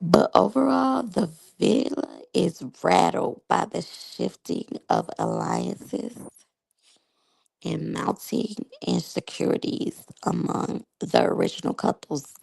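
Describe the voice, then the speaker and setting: Thirties woman, vlog reviewer, chatty, slow-paced and husky; addresses viewers directly. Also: fairly low pitch, big pitch swings, a little mellow, no room sound, poor audio. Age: 30s. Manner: chatty, talks straight to the audience. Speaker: reality show reviewer. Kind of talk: casual commentary to viewers.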